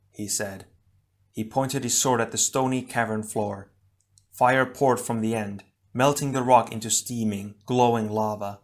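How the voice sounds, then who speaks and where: A man narrating an audiobook in a measured, dramatic reading. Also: mid-range voice, steady tone. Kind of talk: scripted narration.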